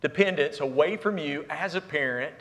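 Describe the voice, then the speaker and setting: Preacher guy telling funny family stories, kinda high bright voice, big echoey hall. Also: moderate pace. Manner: storytelling with humor, Southern "y'all". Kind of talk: sermon. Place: church sanctuary.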